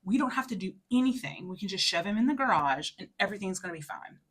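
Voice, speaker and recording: This woman's voice is husky and animated, and she talks at a quick pace. She's a podcast co-host in her thirties, telling a casual, filler-heavy story, and she performs the quoted lines in a high, loud voice.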